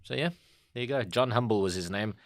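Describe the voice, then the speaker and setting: A man from South Africa co-hosting a comedy podcast, chatty and quick to laugh. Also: on the low side, no echo, studio quality. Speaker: podcast co-host. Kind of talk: casual comedy chat.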